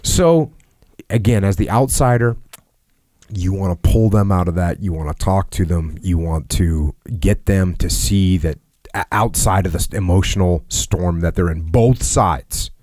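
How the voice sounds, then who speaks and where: A man's voice: sits low, no echo. Man with a dry, close sound. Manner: measured, explanatory, acts out quoted calm pleas. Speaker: podcast host. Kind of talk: casual podcast talk.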